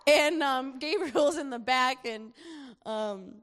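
A young woman gives a personal testimony from the front of a large hall, her fairly high voice carried on a long reverb. She talks in a chatty, animated way and laughs often between her thoughts. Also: drawn-out words, long pauses. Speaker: speaker sharing a testimony.

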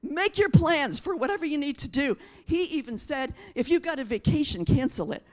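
A middle-aged woman preaching a sermon, impassioned and emphatic, rising to shouts and then dropping quiet and tearful. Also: high voice, animated, fairly quick. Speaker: pastor.

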